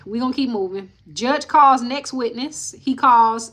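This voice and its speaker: Bright-voiced woman recapping court testimony live. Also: a little high, unhurried, few pauses. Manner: reads quotes plainly, breaks off with sighs and blunt asides to viewers. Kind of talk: casual live-stream recap, reading quotes aloud. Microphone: live-stream mic.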